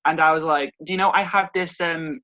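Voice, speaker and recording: A man's voice: fairly high pitch, fairly even intonation, fairly quick, bright, forceful tone, highs cut off, slight background noise. A young man from England with an English accent, chatting casually and telling funny anecdotes. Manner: chatty, tells anecdotes, swears. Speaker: participant. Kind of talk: casual chat.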